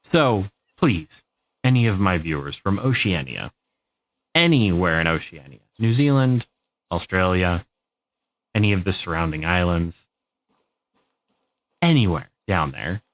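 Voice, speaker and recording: A man's voice: low-pitched, expressive, unhurried, long pauses, no room sound. A man live streaming a game, telling a rambling, profane story to his chat. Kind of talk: casual storytelling while gaming.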